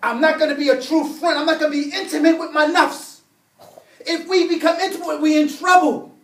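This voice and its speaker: Emphatic teacher in an echoey classroom. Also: male voice, very high voice, recorded from a distance. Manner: animated, emphatic, repeats points, reads Arabic quickly. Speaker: Arabic and religion teacher. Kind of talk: classroom lesson.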